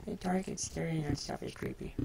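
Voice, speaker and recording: A woman giving casual game commentary as host, chatty and talking straight to her viewers with sudden excited outbursts. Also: low voice, quick pace, creaky, noisy background. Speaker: gaming video host.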